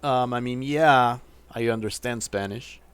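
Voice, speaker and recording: A man's voice: mid-range voice, unhurried, fairly bright tone, clean tone, dry recording. Frustrated male streamer, dry close sound. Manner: frustrated, repeating himself. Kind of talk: casual live gameplay commentary.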